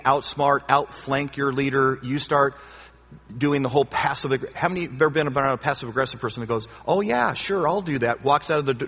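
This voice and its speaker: A man's voice: mid-range voice, fairly bright tone. A man leading a Bible study question time as pastor, talking in a conversational, joking and emphatic way. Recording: long hall reverb.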